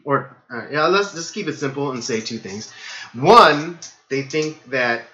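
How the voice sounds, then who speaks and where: A hoarse man hosting a casual livestream podcast, rambling with lots of fillers. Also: mid-range voice, expressive, measured pace, pushed and bright, roomy sound, highs cut off. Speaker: podcast host.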